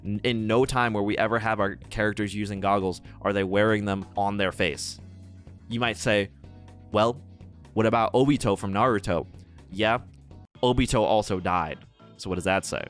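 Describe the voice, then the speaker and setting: A man's voice: fairly low pitch, fairly even intonation, moderate pace, faint music behind. A man talking casually as he ranks game characters, playful and rambling, with theatrical asides. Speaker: gaming YouTuber. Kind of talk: casual tier-list commentary.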